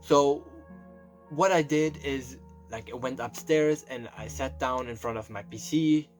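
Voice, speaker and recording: A man's voice: medium pitch, a little slow. Young guy vlogging, rambly and emotional, almost crying, faint music behind. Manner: rambling and emotional, heavy on fillers and swearing. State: close to tears. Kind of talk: confessional storytelling monologue. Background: faint background music.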